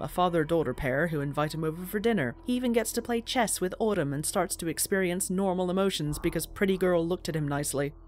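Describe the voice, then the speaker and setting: Video essayist, scripted commentary, sardonic, profane, mid pitch. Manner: sardonic, profane, mocking asides.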